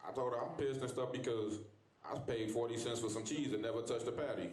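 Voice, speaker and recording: A stand-up comedian on a bar stage talks fast in a medium-pitched voice, spinning loose, profane stories and firing back at the crowd. The club sounds echoey, with loud audience laughter.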